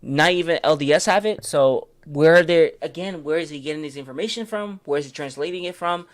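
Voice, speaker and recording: A man's voice: a little high, brisk, dry recording. A man leading a casual late-night Bible study stream, hesitant and full of fillers, stumbling over terms and correcting himself. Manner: answers viewers' comments in passing.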